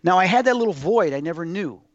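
Speaking fast in a high, lively voice, a man tells personal stories as a guest in a casual interview. The audio has no room sound and is dull. He comes across as earnest and rambling, with many fillers and restarts.

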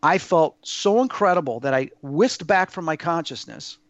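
A man telling a personal story as an interview guest, in an awed, halting way with many restarts. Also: a little high, animated, no room sound, lo-fi sound.

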